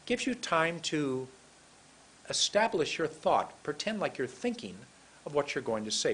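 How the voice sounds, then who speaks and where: A man teaching English pronunciation in a recorded lesson, speaking slowly and deliberately and drilling single words aloud for the learner to repeat. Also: a little high, sing-song, a bit bright, husky, low-quality recording.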